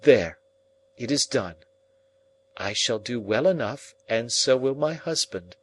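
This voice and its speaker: A cold, proud young woman speaks with cool, measured contempt, voiced by a man reading the book aloud. The delivery stays level and aloof, like a storybook figure holding a suitor at arm's length. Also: mid-range voice, lively intonation, a little hiss or hum, poor audio. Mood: firm.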